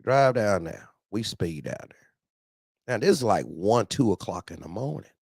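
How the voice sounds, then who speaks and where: Animated, gravelly-voiced man. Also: on the low side, normal speed, no room sound, studio quality. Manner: animated, profane, repeats himself. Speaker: truck owner telling a story. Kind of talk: casual storytelling on CB radio.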